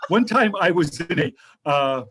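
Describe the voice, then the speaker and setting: A man telling funny stories as a guest on a casual online talk show, lively and quick to act out the people he quotes. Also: a little high, breathy edge. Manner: animated, jumps into voices for quoted people. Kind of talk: casual comedic storytelling. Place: home video show, remote call.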